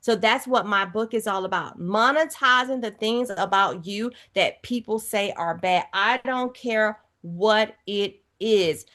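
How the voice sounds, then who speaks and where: A woman's voice: medium pitch, a little slow, hardly any pauses. A woman from Georgia with a Southern accent, an author talking emphatically and with energy as an interview guest. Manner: emphatic, lively, motivational. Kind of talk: casual interview.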